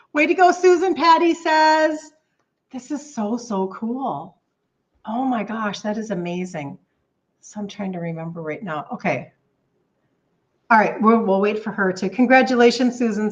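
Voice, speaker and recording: A woman in her fifties, a health coach chatting warmly and excitedly with viewers on a live stream, reading out their comments. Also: medium pitch. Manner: bubbly, gushing, reads out viewer comments. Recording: slightly dull lo-fi stream audio.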